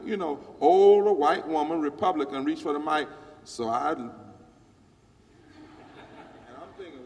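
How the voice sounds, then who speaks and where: A man's voice: a little high, expressive, moderate pace, long reverb tail. A man who is a pastor, telling a story on stage into a handheld mic with an emphatic preaching cadence.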